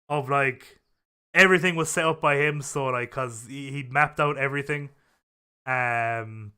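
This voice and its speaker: A man's voice: medium pitch, pushed and bright, clear, resonant tone. A young man hosting a casual chat show, talking in a profane, rambling way full of fillers and restarts. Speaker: podcast host.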